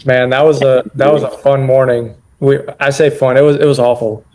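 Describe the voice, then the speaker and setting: A man hosting a casual podcast chat in a relaxed, easily amused way. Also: mid-range voice, fairly quick. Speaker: podcast host.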